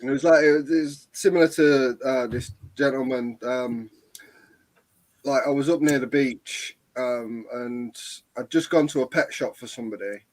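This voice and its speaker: A young man, rambling through a story with lots of pauses in casual chat. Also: medium pitch, rough recording. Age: young adult. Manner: rambling, lots of ums and likes.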